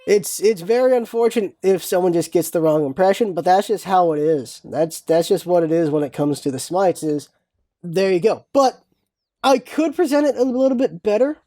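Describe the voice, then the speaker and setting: Blunt, emphatic woman with a mellow voice. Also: on the low side, animated, normal speed. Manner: emphatic, repeats phrases to hammer points in; frank and blunt, with mild swearing. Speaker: gaming vlogger. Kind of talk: casual solo vlog commentary.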